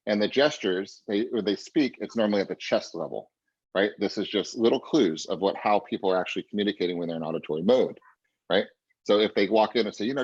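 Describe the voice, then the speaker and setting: Husky-voiced male sales trainer. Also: fairly low pitch, quick pace, dry recording. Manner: energetic coaching, repeats "right?" and "pay attention", acts out client quotes. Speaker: real estate sales trainer. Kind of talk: training session over video call. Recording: muffled dry lo-fi audio.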